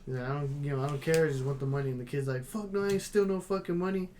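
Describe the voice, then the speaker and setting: A young man co-hosting a podcast, telling profane, animated restaurant stories and acting out what people said. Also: fairly high pitch, very fast, slight background noise. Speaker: podcast co-host. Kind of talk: casual chat, storytelling.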